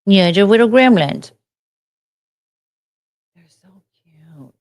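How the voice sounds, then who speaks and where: A woman's voice: mid-range voice, lively intonation, slow, a little mellow. A woman hosting a casual livestream, chatty and self-mocking as she answers her chat. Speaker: livestream host.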